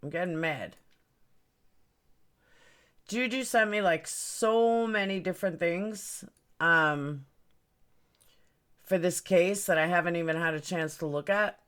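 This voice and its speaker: This woman's voice is fairly low, slightly bright and clean, and she takes her time, pausing often. On her casual livestream she seems puzzled as she adjusts her settings, rambling about them and saying hi to viewers by name.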